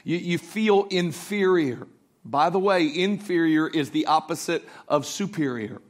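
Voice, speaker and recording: A man preaching a sermon, telling a story and building to loud, emphatic peaks. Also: a little high.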